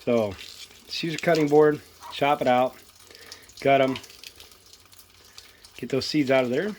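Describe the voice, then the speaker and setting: A man's voice: medium pitch, a little slow, a little hiss or hum. A man hosting a casual home cooking demonstration in his kitchen, rambling and chatty and poking fun at himself. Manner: rambling, chatty, self-mocking. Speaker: cooking video host.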